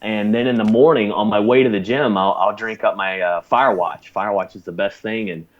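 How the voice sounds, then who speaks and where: A man's voice: lowish voice, steady tone, fairly quick, lo-fi sound. A man, a podcast guest, telling stories in casual chat, profane and laughing often.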